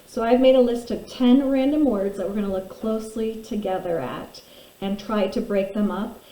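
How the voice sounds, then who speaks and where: Woman teacher, middle-aged, mellow tone, deliberate phonics lesson, echoey room. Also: mid-range voice. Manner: slow, deliberate sounding out of letters. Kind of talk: phonics lesson, sounding out words. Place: room at a desk. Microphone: camera pointed at desk.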